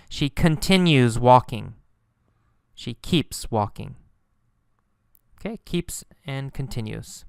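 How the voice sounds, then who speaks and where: A man teaching English in a slow lesson, patiently repeating and rephrasing key words for learners. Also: mid-range voice, a bit bright, clear, resonant tone, no echo.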